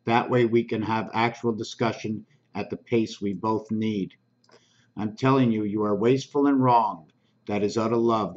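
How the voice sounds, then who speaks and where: Low-voiced man reading comments, lo-fi. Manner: slow, halting reading with frequent ums. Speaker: channel host reading comments aloud. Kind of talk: casual screen-reading commentary.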